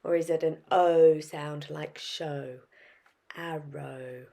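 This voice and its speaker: A woman's voice: deep voice, little pitch movement, slow pace, dark tone. A woman teaching a phonics lesson to young children, sounding out words and asking questions. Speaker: primary school teacher.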